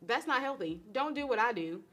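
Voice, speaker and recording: A middle-aged woman, chatting casually on a live stream as a host and cook, animated and laughing often. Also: fairly high pitch, fairly quick. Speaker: host and cook answering viewer questions.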